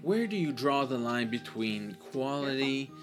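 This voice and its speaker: Lively joke-telling man host, playful and teasing. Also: medium pitch, measured pace, music in the background. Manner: joking, teasing, animated storyteller. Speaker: co-host of a small online shop's video. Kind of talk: casual chat and joke telling.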